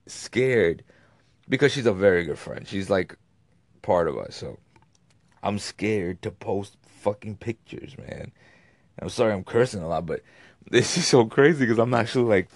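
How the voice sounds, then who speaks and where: A man with a deep, low voice rambles through a casual story, swearing and backtracking as he goes. He is recorded close and dry, with almost no room sound. He talks like he's vlogging to his followers. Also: normal speed, no echo. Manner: rambling, restarts often, curses freely, laughs at himself. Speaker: YouTube vlogger.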